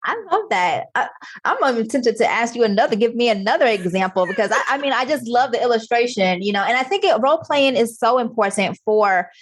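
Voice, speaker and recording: A woman's voice: on the high side, expressive, brisk. A woman hosting an interview, prompting her guest with eager follow-up questions. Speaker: interviewer host. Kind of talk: conversational interview.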